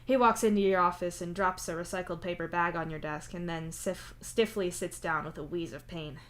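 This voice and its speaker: Brief: woman narrator, lowish voice, steady story reading. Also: moderate pace, a little hiss or hum. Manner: even second-person narration. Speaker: fanfiction reader. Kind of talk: audiobook-style story reading.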